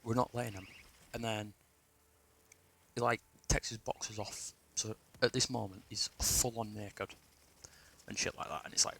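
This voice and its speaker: A man's voice: on the low side, fairly even intonation, normal speed, vocal fry, a bit bright, slight background noise, poor audio. A young man, telling a rambling, sweary personal story in a casual way. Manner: rambling, sweary, restarts a lot.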